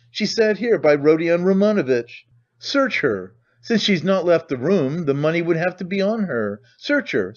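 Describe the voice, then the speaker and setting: A hysterical impoverished widow, shrill and frenzied, hurling accusations in an audiobook, played by a man reading. The voice jumps up high and loud. The recording is dull and lo-fi.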